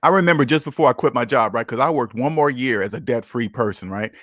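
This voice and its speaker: A man's voice: medium pitch, fast, fairly bright tone, no echo, studio quality. A man hosting a casual livestream, talking bluntly and emphatically, with profanity and lots of repetition. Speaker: livestream host.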